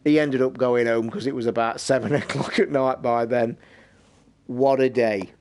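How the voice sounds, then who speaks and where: A man's voice: mid-range voice, moderate pace. Foul-mouthed British man, rambling story. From United Kingdom. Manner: swears constantly, rambling and animated. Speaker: streamer and podcast host. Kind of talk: casual storytelling on a live stream.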